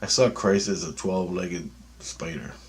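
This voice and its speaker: A man in his fifties with a somewhat low voice, rambling on in a loose spoken monologue. He talks bluntly and swears freely, jumping from one thought to the next. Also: normal speed. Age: 50s. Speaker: vlogger.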